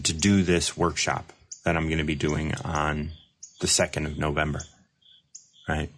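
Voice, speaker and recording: Male host, deep voice, rambling reflective livestream talk. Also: fairly bright tone. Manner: rambling, reflective, many fillers and restarts; reads viewer comments aloud. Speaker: recovery mentor and show host. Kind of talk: casual livestream monologue.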